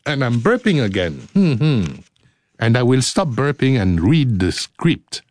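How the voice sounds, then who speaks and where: A man's voice: mid-range voice, sing-song, a little slow, darkish tone, no echo. A male radio host, older, joking and laughing his way through studio outtakes in a playful, sing-song manner.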